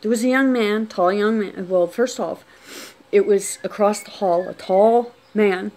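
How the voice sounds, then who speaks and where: A woman quietly tells her own story on camera, unscripted, with frequent restarts and phrases that trail off. Her pitch is medium and she speaks a little slowly.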